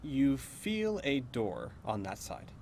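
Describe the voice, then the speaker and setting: Slow, halting male game master. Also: mid-range voice, very animated, a little mellow. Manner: slow, hesitant narration with many fillers. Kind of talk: narrating a tabletop game.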